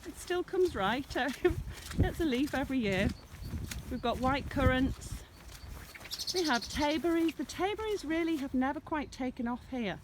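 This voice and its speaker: A woman's voice: high-pitched, lively intonation, a little slow, noisy background. A woman showing viewers around her smallholding in a casual walking vlog. She chats in a meandering way and dotes on her animals, and she films herself outdoors in a farm field on a handheld camera. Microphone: handheld camera filming herself.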